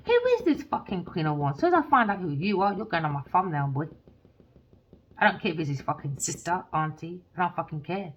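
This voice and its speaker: A woman's voice: lowish voice, big pitch swings, brisk, slight background noise. A woman, a tarot reader ranting heatedly and swearing in a monologue. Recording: dull lo-fi recording.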